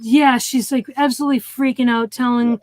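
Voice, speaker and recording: Woman kinda high voice just walking thru the movie plot, lots of um and like, super dry close mic. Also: fairly even intonation, fairly quick, no room sound. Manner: rambling, lots of "like" and "um", restarts. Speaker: co-host of a movie review stream. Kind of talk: casual chat retelling a film plot.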